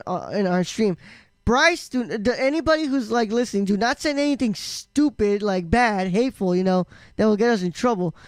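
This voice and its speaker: A man's voice: very high-pitched, smooth, no room sound. A man co-hosting a casual live-stream podcast, rambling with lots of fillers and restarts. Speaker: podcast co-host.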